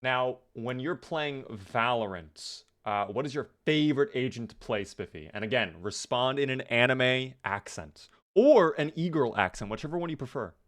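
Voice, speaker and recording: A young man commentating his live game stream, excitable and reactive, often thanking viewers. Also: mid-range voice, normal speed, few pauses.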